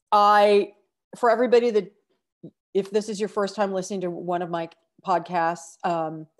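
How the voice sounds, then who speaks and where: A middle-aged woman hosting an inspirational podcast, talking earnestly and with emotion, with sighs and restarts. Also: on the low side. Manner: slow, earnest, emotional, breaks off to sigh. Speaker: podcast host.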